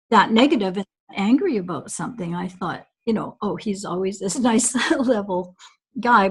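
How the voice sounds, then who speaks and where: A woman with a slightly husky, breathy voice at a middle pitch, recalling old memories on a call. She talks in a loose, meandering way, full of small pauses and "you know"s. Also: rough recording. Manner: reflective, rambling storytelling with fillers. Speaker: guest recalling early days. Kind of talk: casual recorded call.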